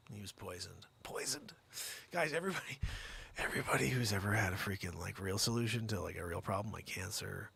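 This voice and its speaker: A man hosting a comedy news show, reading stories with excitable asides, swearing and rants. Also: on the low side, vocal fry, husky.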